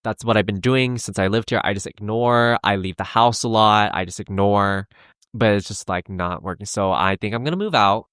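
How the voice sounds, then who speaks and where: A young adult man hosting a solo podcast, talking earnestly in a halting way with many restarts and fillers. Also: fairly low pitch, a bit bright, clean tone, dry recording, clean studio sound. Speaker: podcast host. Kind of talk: solo confessional podcast talk.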